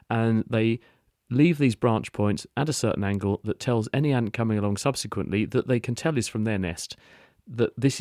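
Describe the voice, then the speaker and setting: A man with a lowish voice explains science on a call-in radio show. He talks fluently and builds his answers step by step with homely analogies. The studio sound is close and dry. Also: a little mellow, no room sound. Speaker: radio science expert answering listener questions.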